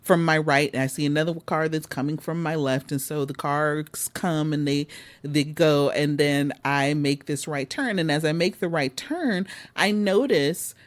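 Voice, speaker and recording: A woman co-hosting a casual podcast chat, telling a story in an animated way, laughing often and swearing freely. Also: low-pitched, unhurried. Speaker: podcast co-host.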